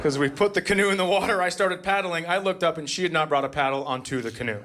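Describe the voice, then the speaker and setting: A man's voice: fairly high pitch, quick pace. Exasperated stand-up comedian man, noisy recording. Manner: dry storytelling with exasperated outbursts.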